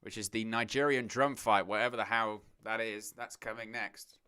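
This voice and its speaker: A man hosting a live watch-along, talking in a chatty, off-the-cuff way as he reacts and addresses his viewers. His voice is bright and forceful, with a crisp, smooth clarity. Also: fairly low pitch, steady tone, moderate pace. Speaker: host of a wrestling watch-along stream. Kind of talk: live watch-along commentary, reading chat.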